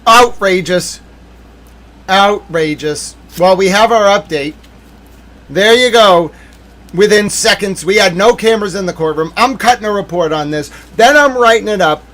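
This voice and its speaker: High-voiced man ranting on a live stream. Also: moderate pace. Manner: mock-outraged, theatrical ranting that swings into calm musing. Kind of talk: live-stream commentary rant.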